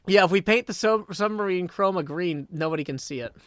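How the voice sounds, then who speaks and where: A tired Minecraft streamer chats casually on a live stream in a brisk, rather bright voice that sits high, with no room sound. He rambles, corrects himself and thinks aloud as he goes.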